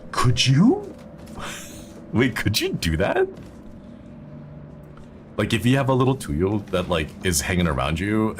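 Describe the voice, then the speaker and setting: Male game streamer, low register, very animated delivery, rambling and playful. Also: a little hiss or hum. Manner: rambling, jokey, easily excited. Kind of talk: casual gameplay commentary.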